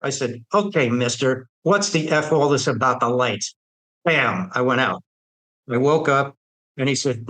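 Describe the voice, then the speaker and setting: A man's voice: medium pitch, animated, unhurried, a bit bright, rough recording. An older man bluntly retelling his own life story, with streetwise, quoted dialogue. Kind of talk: personal storytelling.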